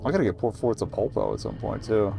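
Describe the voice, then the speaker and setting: A man streaming a game, talking through it in wry, low-key asides. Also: fast, creaky, loud music behind the voice. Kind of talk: casual let's-play commentary.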